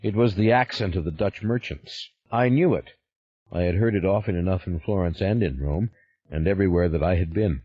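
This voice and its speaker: A man's voice: low voice, a little fast, warm tone, husky, muffled recording. A man narrating a thriller audiobook in the first person, with a grave, brooding reading.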